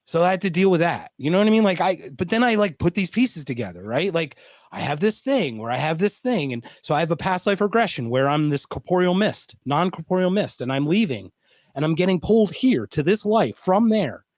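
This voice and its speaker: A man from Philadelphia, a guest telling a story over a video call in a rambling, animated way. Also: sits high, a little fast, no room sound. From East Coast of the United States, Philadelphia. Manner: animated, rambling, full of "like" and asides.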